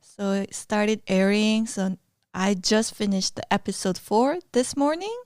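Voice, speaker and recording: A woman's voice: medium pitch, animated, a little slow, a little mellow, clean tone, dry recording, clean studio sound. A woman co-hosting a podcast in casual chat, talkative and often laughing, with many fillers. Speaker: podcast co-host.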